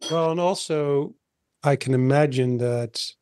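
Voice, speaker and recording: A man's voice: medium pitch, a little slow, darkish tone, dry recording, clean studio sound. A man hosting a casual interview, framing long questions with repeated words and restarts. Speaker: podcast host.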